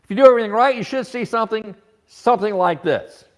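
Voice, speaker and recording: A man's voice: high-pitched, fast. A man teaching an automotive technical seminar, explaining scope patterns with rhetorical questions and frequent restarts.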